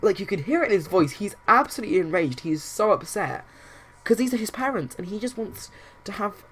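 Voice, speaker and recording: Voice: mid-range voice, sing-song, fairly quick, fairly bright tone, slightly rough. A host narrating a life-simulation game casually, retelling scenes with quoted lines. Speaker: let's play host.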